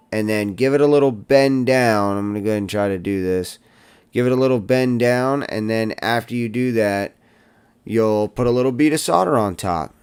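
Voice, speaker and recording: A man's voice: lowish voice, clear, resonant tone. A man hosting a casual drone-building tutorial, chatting to viewers and muttering to himself as he solders.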